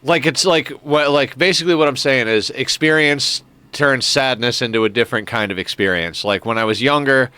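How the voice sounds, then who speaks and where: A young man chats through a game stream, drifting between gameplay and personal musings, full of filler words. His voice is clear and smooth, with a bright edge. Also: medium pitch, brisk, hardly any pauses, no echo. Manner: rambling, reflective, many filler "like"s; cooing baby talk to a pet. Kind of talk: casual gameplay stream chat.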